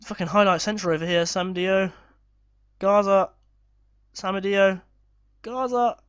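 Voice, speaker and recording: Excitable man yelling at a football game. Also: sits high, unhurried, clean tone, no echo, dull audio. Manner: excitable, swears and shouts at missed chances. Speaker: gaming YouTuber. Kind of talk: live commentary over a football management game.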